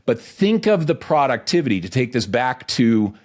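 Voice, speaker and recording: A man co-hosting a podcast, talking casually and energetically in quick bursts with restarts. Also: mid-range voice, big pitch swings, darkish tone. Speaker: podcast co-host.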